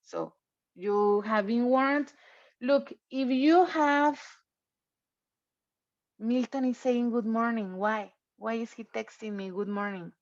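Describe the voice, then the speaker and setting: A woman's voice: a little high, slow pace, darkish tone, no room sound. A woman English teacher explaining rules to her class in an online lecture, chatty and repetitive, often checking in with "okay?". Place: home. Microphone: computer mic on video call. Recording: dull, lo-fi video call audio.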